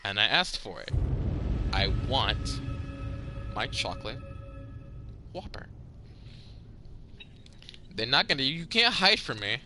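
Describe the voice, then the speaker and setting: A man hosting a podcast, telling a story in casual, animated talk, swearing a lot and repeating himself. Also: medium pitch, takes it slowly, pauses often, music in the background. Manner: animated, profane storytelling with frequent repetitions. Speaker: podcast host. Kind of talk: casual chat.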